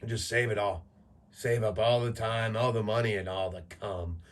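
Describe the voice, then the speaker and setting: A man's voice: fairly low pitch, fairly even intonation, moderate pace. A man in his thirties hosting a solo podcast, talking in a crude, rambling, joking way full of fillers. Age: 30s. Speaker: podcast host. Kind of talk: solo casual monologue.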